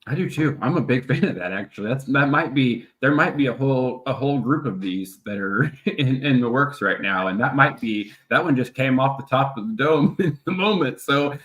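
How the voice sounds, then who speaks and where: A man's voice: mid-range voice, animated, normal speed, hardly any pauses, a bit bright, highs cut off. A man co-hosting a loose, joking podcast chat. He swears casually and often breaks into laughter partway through a sentence. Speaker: podcast co-host.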